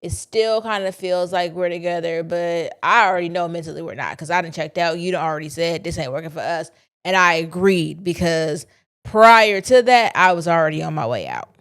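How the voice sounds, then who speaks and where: A woman's voice: fairly low pitch, moderate pace, fairly bright tone, clean tone. A young woman, talking candidly to her listeners in a casual solo podcast. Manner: candid, chatty, confiding with listeners. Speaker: podcast host.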